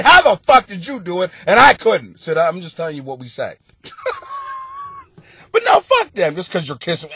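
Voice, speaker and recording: A middle-aged man hosting a comedic advice podcast, rowdy and profane, often breaking into loud laughter. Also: fairly high pitch, dry recording. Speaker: podcast host giving advice.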